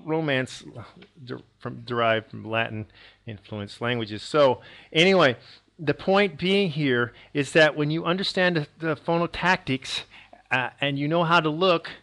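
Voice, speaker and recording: A man's voice: on the high side, unhurried, a bit bright. A man from the United States giving a casual video lesson on pronunciation, rambling and correcting himself, chuckling now and then. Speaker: language teacher.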